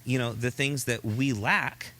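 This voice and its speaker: Bright-voiced man giving earnest advice. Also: mid-range voice, fairly even intonation, unhurried. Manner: earnest, advice-giving, acts out dialogue with his wife. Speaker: podcast co-host. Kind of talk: casual podcast chat.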